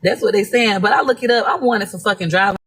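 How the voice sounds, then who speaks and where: A woman's voice: medium pitch, fast talker, fairly bright tone, slight background noise. A woman from Florida, telling stories bluntly and profanely in a casual live-stream monologue. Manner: blunt, profane, emphatic storytelling. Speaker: social media personality.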